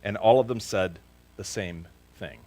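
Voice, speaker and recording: Captured in poor audio, this unhurried, lowish-voiced man is a pastor preaching at a church service. He questions his listeners earnestly and directly, turning louder and emphatic whenever he stresses something.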